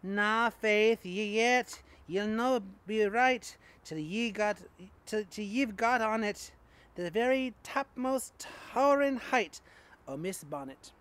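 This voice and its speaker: Indignant Scottish churchgoer voiced by a man, broad-accented, deliberate and unhurried, declaiming verse. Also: high-pitched, a bit bright, clean tone. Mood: scolding. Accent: put-on Scottish.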